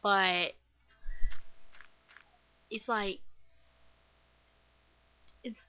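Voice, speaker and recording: A woman's voice: medium pitch, fairly even intonation, drawn-out words, sharp tone, smooth. A young woman chatting to camera in a scattered, rambling way, full of fillers and restarts. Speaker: vlogger. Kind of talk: rambling casual chat.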